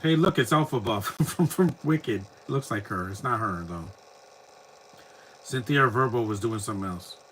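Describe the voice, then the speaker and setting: A man's voice: fairly low pitch, lively intonation, moderate pace, fairly bright tone, a little hiss or hum, rough recording. Blunt man giving movie commentary. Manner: opinionated, rambling, blunt. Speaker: live commentary host. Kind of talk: casual movie watch-along commentary.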